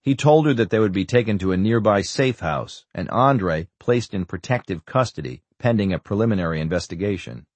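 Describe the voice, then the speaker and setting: A male audiobook narrator reads in a steady, even storytelling style with a very deep voice. The recording is dry and close, with no room sound. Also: dry recording. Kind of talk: scripted narration.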